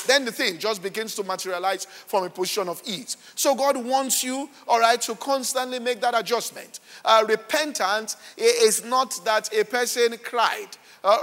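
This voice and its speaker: A man, a pastor preaching a sermon in an animated way and checking often that listeners follow him, heard with a long hall reverb. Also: sits high. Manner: animated, repeats "all right" and "are you following".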